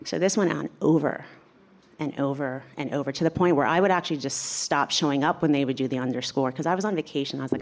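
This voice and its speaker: A woman telling a personal story in a candid, animated way, acting out what other people said. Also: low-pitched, fast. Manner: candid, animated, acts out quoted voices.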